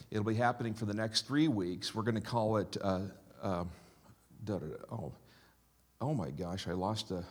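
A man giving casual church announcements and a short prayer, rambling and halting with many fillers. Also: on the low side, a bit bright.

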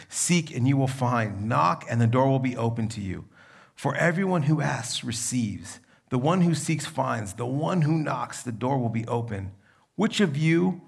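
A young adult male pastor preaching a sermon in a conversational, storytelling manner, with a gravelly voice. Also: medium pitch.

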